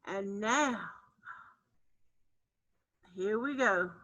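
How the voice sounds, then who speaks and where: A woman music teacher leading an online lesson for young children, chanting syllables in an animated, sing-song voice. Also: mid-range voice, very slow, muffled recording. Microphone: computer mic on a video call.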